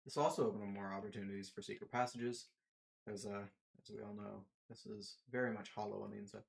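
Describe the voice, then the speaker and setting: A man's voice: lowish voice, steady tone, fast, gravelly, slightly rough. A man giving casual, rambling commentary while playing a building game, talking to himself and slipping into silly put-on voices.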